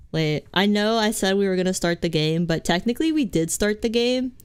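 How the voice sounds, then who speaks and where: A woman's voice: on the low side, darkish tone, clear, resonant tone. A young woman streaming a game, chatting in a rambling, goofy, self-mocking way with many restarts. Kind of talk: live game stream chat.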